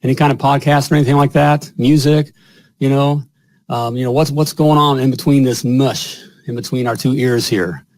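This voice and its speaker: A man's voice: medium pitch, steady tone, normal speed, darkish tone, no echo. A man hosting a live online talk show in a folksy, salesy way, repeating himself as he talks. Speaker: host of a live plumbing show. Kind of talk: upbeat live-stream monologue. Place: home studio.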